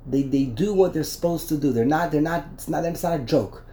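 A man's voice: a little high, brisk, dark tone, roomy sound. A man teaching a Torah class, explaining a text line by line, often repeating and restarting words.

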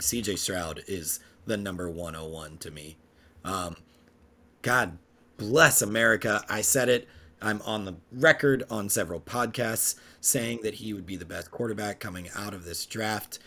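Male podcast co-host, lowish voice, emphatic and opinionated, casual. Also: pushed and bright. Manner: emphatic, opinionated, jumps between fast and drawn-out phrasing.

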